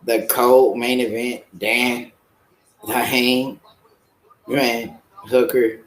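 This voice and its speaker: A man's voice: medium pitch, little pitch movement, very slow, a little hiss or hum. A man previewing an upcoming fight on a live stream, talking casually and hesitantly with many fillers and restarts. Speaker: fight commentator.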